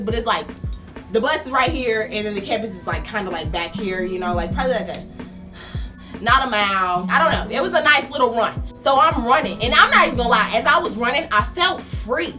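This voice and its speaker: Young woman vlogger, lively slangy storyteller, higher voice, music underneath. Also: a little fast. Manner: animated, slangy, acts out her own lines. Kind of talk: casual storytime.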